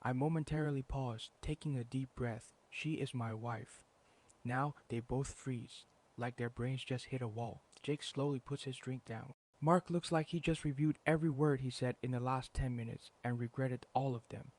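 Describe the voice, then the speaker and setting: Deadpan male storyteller with dramatic pauses. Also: medium pitch. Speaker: narrator. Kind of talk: comedic first-person storytelling.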